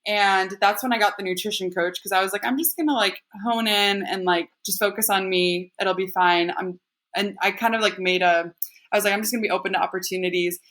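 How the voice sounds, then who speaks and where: A woman's voice: mid-range voice, little pitch movement, fairly quick, fairly bright tone. A woman guest on a podcast, chatting casually and laughing often, with a lot of "like" in her speech. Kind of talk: casual chat.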